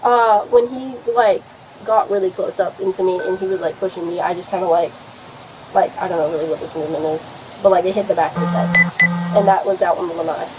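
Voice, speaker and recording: A woman's voice: lowish voice, fairly even intonation, brisk, over music, rough recording. Rambling, foul-mouthed young woman. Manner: rambling, heavy swearing, many fillers. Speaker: complainant speaking to police. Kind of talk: rambling account of a domestic fight. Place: at a house. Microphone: police body camera.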